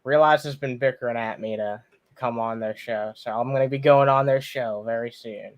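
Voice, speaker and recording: A man's voice: mid-range voice, fairly even intonation, normal speed. A man hosting a casual livestream, swearing a lot and stumbling over "um"s and restarts. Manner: heavy swearing, frequent "um"s and restarts. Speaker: livestream host.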